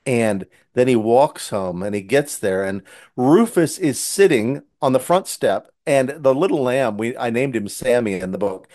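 A Christian children's book author earnestly retells one of his stories in casual conversation, often restarting his sentences. His mid-range voice is expressive, a little slow and darkish in tone.

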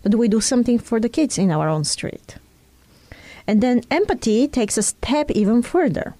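A woman talks through ideas with an earnest, explanatory tone, using her own experiences as examples. Her voice is mellow and soft-edged. The sound is dry and close, with no room around it. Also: on the high side, expressive, moderate pace, dry recording. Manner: earnest, teaching tone with personal examples. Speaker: speaker in a conversation.

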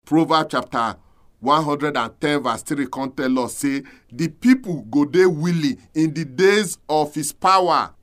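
A man with a Nigerian accent preaching a radio sermon, with emphatic swings in pitch and loudness. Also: unhurried. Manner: emphatic preaching, sharp rises and drops in pitch and volume.

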